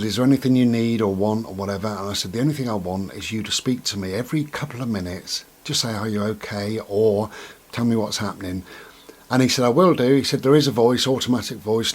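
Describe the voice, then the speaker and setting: A man with a low, husky voice talks through a personal story in an easy vlog manner. He rambles and circles back, with plenty of ums and asides. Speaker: vlogger.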